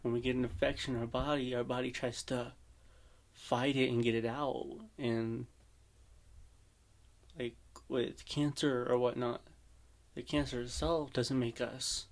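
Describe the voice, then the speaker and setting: Slow, flat-voiced man reacting earnestly. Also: medium pitch. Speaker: reaction host. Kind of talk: casual commentary.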